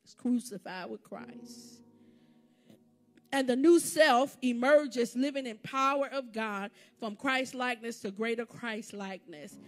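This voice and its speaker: A woman with a high voice preaches in a live church service, her cadence swelling into fervent, repetitive exhortation. Instrumental music plays clearly beneath her words. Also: a little slow. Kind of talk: sermon. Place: church sanctuary. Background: instrumental music playing under the sermon.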